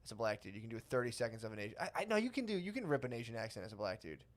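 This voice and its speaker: A man's voice: medium pitch, sing-song. A man co-hosting a podcast, telling rambling crude stories in casual chat. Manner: rapid, rambling, crude storytelling. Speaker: podcast co-host.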